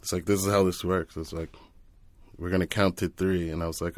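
A man telling an animated, laugh-filled story as an interview guest, with frequent restarts. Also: deep voice, a little fast, no echo. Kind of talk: casual storytelling.

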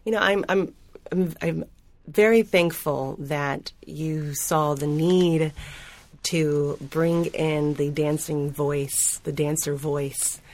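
A woman choreographer talking on a panel, halting, with repeated restarts. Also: low voice, fairly even intonation, darkish tone, dry recording. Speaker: choreographer guest. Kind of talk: panel discussion.

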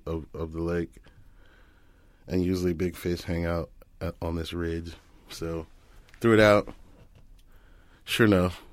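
A man telling an animated, laugh-filled story as an interview guest, with frequent restarts. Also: sits low, dry recording. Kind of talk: casual storytelling.

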